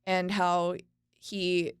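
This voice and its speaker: A woman's voice: on the low side, level tone, extremely slow, clear, resonant tone, no room sound, clean studio sound. A young woman co-hosting a podcast, chatting casually, laughing and tripping over names as she explains a topic. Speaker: podcast co-host.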